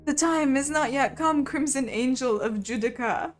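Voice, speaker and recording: A woman voicing a theatrical young male pigeon with dark fantasy delusions, speaking in grandiose proclamations. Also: high voice, normal speed, soft background music, pitched above the performer's own voice, natural voice.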